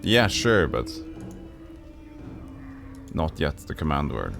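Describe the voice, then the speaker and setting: A man's voice: extremely low pitch, big pitch swings, slow, gravelly, long pauses, fairly bright tone, soft background music. A man streaming a retro role-playing game, reading its text aloud and chatting casually with viewers.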